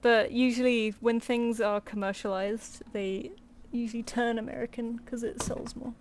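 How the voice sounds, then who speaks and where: A woman's voice: on the high side, steady tone, normal speed, few pauses, slight background noise. A woman chatting casually with viewers while she draws on a live stream, rambling and laughing easily. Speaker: streaming artist. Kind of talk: casual chat while drawing.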